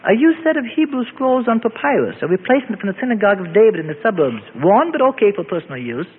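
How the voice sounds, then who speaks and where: A shrewd old rabbi shopkeeper, put on by a male narrator, haggling in a raised, lively voice and playing up his pain over every price. The storybook reading sounds tinny and phone-like, with a long echo. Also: high-pitched, fast talker, voice pushed up. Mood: worried. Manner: wheedling, bargaining, theatrically pained. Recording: tinny, echoey, faint hiss.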